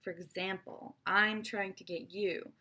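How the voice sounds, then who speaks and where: A woman teaches an online English lesson in an expressive, playful manner. Her voice sits at a middling pitch, and she speaks straight to her viewers as if they were her own students. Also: unhurried.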